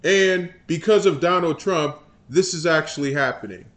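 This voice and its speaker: A man putting on a preachy male politician in a sing-song whine, full of self-pity. The voice is pushed up higher and louder than a plain speaking voice. It comes across as an exaggerated parody. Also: normal speed, lightly acted. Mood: mocking.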